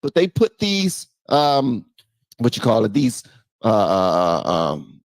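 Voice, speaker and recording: A woman's voice: extremely low pitch, big pitch swings, slow, a little mellow, no room sound. A woman reacting in casual chat, exasperated and rambling.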